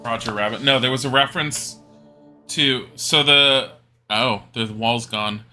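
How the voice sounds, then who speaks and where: A man's voice: mid-range voice, unhurried, sharp tone, faint music behind. A male streamer playing a horror game live and thinking aloud as he retells a story, rambling with restarts. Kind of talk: game playthrough commentary.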